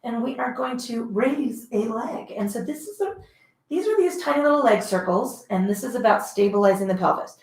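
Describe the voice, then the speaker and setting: A woman's voice: on the high side, expressive, normal speed. Woman, Pilates instructor, echoey room, chatty cues, a bit breathless. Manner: chatty, cueing breaths and counting reps. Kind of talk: casual guided workout instruction.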